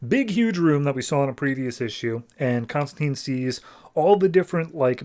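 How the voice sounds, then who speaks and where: A man hosting a podcast, casually recapping a comic book story and paraphrasing the characters in a chatty way. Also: medium pitch. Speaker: podcast host.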